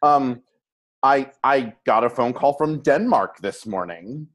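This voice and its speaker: A woman's voice: very deep voice, lively intonation, takes it slowly. A woman co-hosting a podcast in casual chat, bubbly and giggly, rambling between stories. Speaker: podcast co-host.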